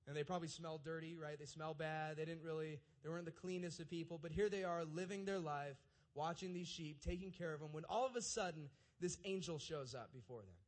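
A man's voice: on the high side, a little fast, hardly any pauses. Young man preaching a casual sermon. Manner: conversational, keeps asking "right?" to the audience. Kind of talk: casual sermon with scripture reading.

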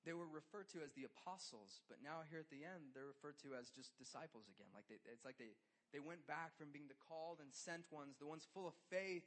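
A man preaching to a youth group in a conversational style, swinging between loud urgency and hushed closeness, with lots of "like". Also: fairly high pitch. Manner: conversational, filler "like". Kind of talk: sermon.

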